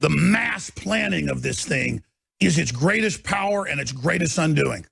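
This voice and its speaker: Man, radio host, heated rant, raw gravelly voice, breathy rasp, shouts at peaks. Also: fairly high pitch, lively intonation, a little slow, dry recording, clean studio sound. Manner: preachy, rising to shouting. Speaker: radio talk show host. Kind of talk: impassioned on-air rant.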